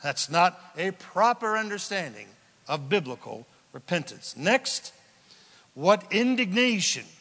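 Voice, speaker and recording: A man preaching a sermon as a pastor, impassioned, swinging from shouts down to a hush. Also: high-pitched, big pitch swings, measured pace, big-room sound.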